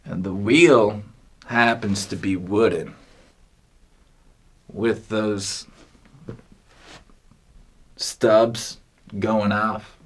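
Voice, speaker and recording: A man with a somewhat low voice tells a meandering comic story at an extremely slow crawl. He halts often and leaves long gaps between phrases. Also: fairly even intonation, fairly bright tone, breathy edge. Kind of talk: rambling comic monologue.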